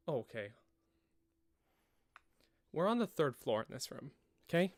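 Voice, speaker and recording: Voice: medium pitch, sing-song, moderate pace, pauses often, dry recording. A streamer chatting casually during a live game stream at home, laughing often and talking to both the chat and a pet cat. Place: home room.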